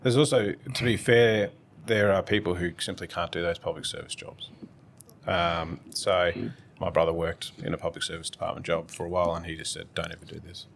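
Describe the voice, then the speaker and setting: Gravelly-voiced accountant. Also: male voice, low-pitched, steady tone, a little hiss or hum. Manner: measured, reflective, advising. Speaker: accountant, podcast guest. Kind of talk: casual conversation.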